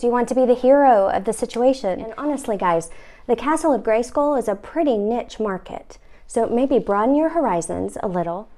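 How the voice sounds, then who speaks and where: A woman's voice: on the high side, darkish tone. Wry, mock-stern woman host. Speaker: real estate video host. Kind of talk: comic instructional vlog.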